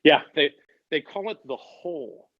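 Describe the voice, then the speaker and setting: A man's voice: on the high side, a little slow, no room sound. A man as an interview guest, telling his story casually, with many fillers and restarts. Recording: dull lo-fi dry sound.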